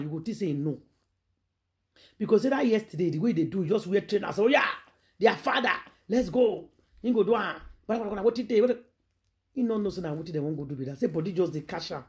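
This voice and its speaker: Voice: medium pitch, mellow. A vlogger with a Nigerian accent telling celebrity gossip as dramatic storytelling, emphatic and preachy, full of rhetorical questions.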